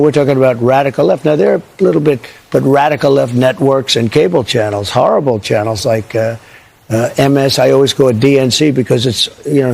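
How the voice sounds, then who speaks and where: Older guy rambling bluntly, raspy gravelly voice. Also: mid-range voice, darkish tone. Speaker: politician. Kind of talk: off-the-cuff press remarks.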